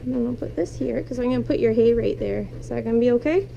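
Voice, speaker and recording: A woman vlogging while she cleans pet cages, talking gently and soothingly to her animals. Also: fairly high pitch, quick pace, creaky, dull audio, a little hiss or hum. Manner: soothing, talks softly to animals. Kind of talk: casual talk to pets while cleaning cages. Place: indoor room with pet cages.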